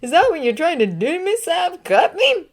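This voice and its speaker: A woman's voice: very high-pitched, big pitch swings, moderate pace, voice pushed up. Woman voicing James, a cocky sneering schoolboy. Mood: mocking. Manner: taunting, mocking, loud. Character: sneering teenage wizard boy, cocky bully.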